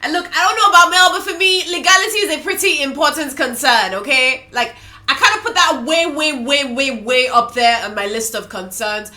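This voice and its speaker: A woman in casual commentary, reading chat screenshots aloud with animated, slangy asides and laughs. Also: sits high, normal speed. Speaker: commentary vlogger.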